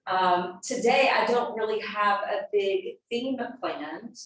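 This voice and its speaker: A woman's voice: medium pitch, lively intonation, slow pace, a bit bright. Middle-aged woman yoga teacher, casual rambling dharma talk full of ums; heard from across a very echoey studio. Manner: chatty, meandering, with frequent ums and uhs. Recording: echoey studio from a distance, faint noise.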